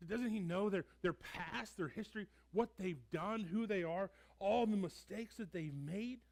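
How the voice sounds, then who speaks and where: A pastor playing a sneering, judgmental Pharisee. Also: male voice, high voice, unhurried, a little mellow. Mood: scornful. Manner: incredulous, sneering, stammering questions. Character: scoffing male Pharisee, judgmental religious leader. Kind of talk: sermon role-play.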